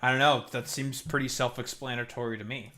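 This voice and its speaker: A man's voice: mid-range voice, fairly even intonation, fairly quick, bright, forceful tone. A man hosting a stream, reacting to a video with profane, exasperated rants. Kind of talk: casual reaction commentary.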